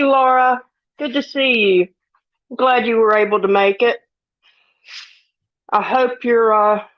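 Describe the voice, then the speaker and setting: A woman chats to her livestream viewers in a slow, folksy drawl, giggling now and then. She sounds a little sniffly. The stream audio is dull and lo-fi. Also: fairly high pitch. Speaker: livestream host. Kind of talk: casual live chat reading comments.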